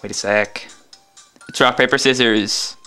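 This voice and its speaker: A man's voice: medium pitch, fairly even intonation, a little slow, bright, forceful tone, clear, resonant tone, soft background music. A man giving casual gameplay commentary with joking, sarcastic asides. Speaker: let's play commentator.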